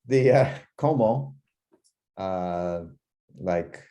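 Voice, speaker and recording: A man student asking a question in class, hesitant and halting with fillers. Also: low voice, expressive, mellow.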